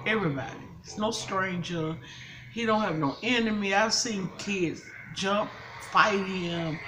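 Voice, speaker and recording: A woman's voice: fairly low pitch, background noise. Upset older woman telling a story. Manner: upset, tearful, venting. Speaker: vlogger. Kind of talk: emotional storytime chat.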